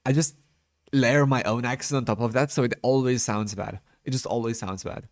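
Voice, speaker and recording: A man's voice: medium pitch, steady tone, moderate pace, dry recording, studio quality. A man tutoring programming in a casual chat, patient and prone to repeating himself.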